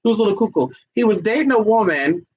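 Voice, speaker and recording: Fast and medium-pitched, a woman's voice comes through a muffled recording with a little hiss or hum. She's a vlogger in a casual storytelling monologue, brash and sassy, calling listeners honey and jumping animatedly into other people's voices.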